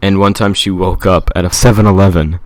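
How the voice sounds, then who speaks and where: Deep-voiced man, casual chat. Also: brisk, no room sound. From England. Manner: relaxed, many fillers like um and like. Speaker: podcast co-host.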